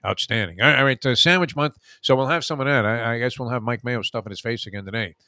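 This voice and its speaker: Sports radio host, man, lower voice, rambling halting delivery, bright dry sound. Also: dry recording. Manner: rambling, halting with many uhs. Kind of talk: casual sports talk.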